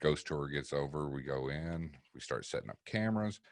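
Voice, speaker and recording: This is a man with an extremely deep voice, telling a story on a podcast in a relaxed, profane way. He acts out what the other people said as he goes. He sits close to a dry mic with no room sound. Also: normal speed, no room sound. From East Tennessee. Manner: profane, vivid storyteller acting out quotes. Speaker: paranormal investigator guest.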